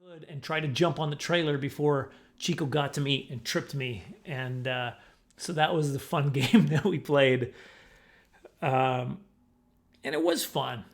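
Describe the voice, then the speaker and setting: A man's voice: mid-range voice, a little slow. A man telling a rambling, self-mocking comic story about his childhood, often acting out the voices of the people in it. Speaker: comedian telling a personal story. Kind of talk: casual storytelling monologue.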